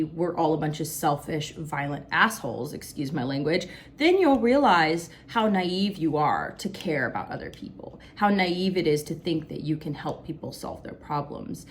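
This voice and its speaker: A woman's voice: sits low, lively intonation, normal speed, hardly any pauses. Emotional Southern woman reading tarot. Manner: emotional, casual, says "like" a lot, curses. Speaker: tarot reader.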